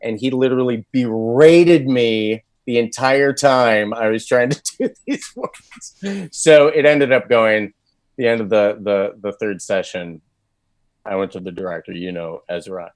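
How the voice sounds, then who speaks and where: A man's voice: medium pitch, a little slow, dry recording. A male voice actor as an interview guest, chatting casually and telling a long story with many restarts. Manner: rambling storyteller with frequent restarts and laughs.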